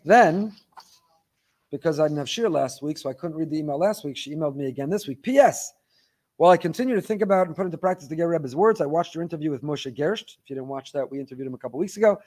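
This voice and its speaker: Guy teaching a torah class, reading emails out loud, kinda high voice, animated with wry jokes. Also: fast talker. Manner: animated storytelling with wry asides.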